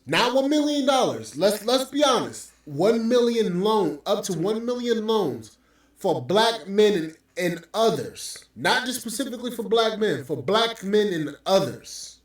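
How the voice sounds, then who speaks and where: A man's voice: high-pitched, sing-song, a little slow. A man hosting a podcast, ranting with profane, scornful commentary. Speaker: podcast host. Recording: very echoey room, mic at distance.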